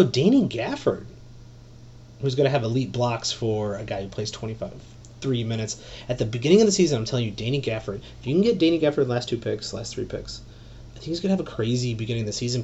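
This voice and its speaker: A man hosting a solo fantasy basketball podcast, rambling and excitable, with lots of fillers and some swearing. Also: mid-range voice, dull audio, a little hiss or hum.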